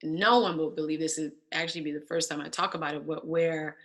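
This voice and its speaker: A woman's voice: deep voice, steady tone, brisk, a bit bright. A woman in her thirties giving a candid personal testimony, telling her story with animation and acting out the voices of others. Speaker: interview guest.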